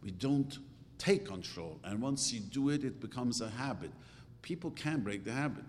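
Middle-aged man, religious teacher, animated and chatty, hall reverb with faint rumble. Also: moderate pace. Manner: animated, conversational, acts out quoted thoughts. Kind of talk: Torah class lecture.

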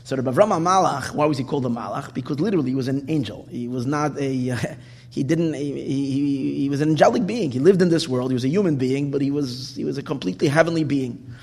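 A man's voice: medium pitch, fast talker, in a large hall. A man giving a Torah class, posing questions and restarting his sentences as he teaches. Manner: animated, questioning, restarts often.

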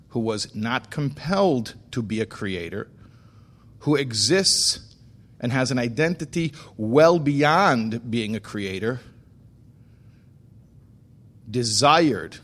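A man speaking as a rabbi, telling stories about faith with slow, emphatic delivery. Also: medium pitch. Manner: animated storyteller acting out dialogue. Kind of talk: storytelling talk on faith.

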